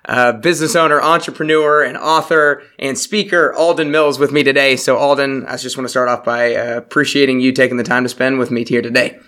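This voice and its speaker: A man's voice: mid-range voice, steady tone, brisk, few pauses, sharp tone. A young adult man hosting a podcast, upbeat and enthusiastic in a casual interview. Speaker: podcast host.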